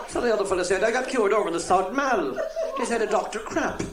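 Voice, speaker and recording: A man with a Cork Irish accent telling jokes to a live audience, jumping into high shouted voices for the people in his jokes. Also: lively intonation, quick pace. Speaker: comedian. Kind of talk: live stand-up joke telling. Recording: echoey live venue with laughing crowd, worn tape copy.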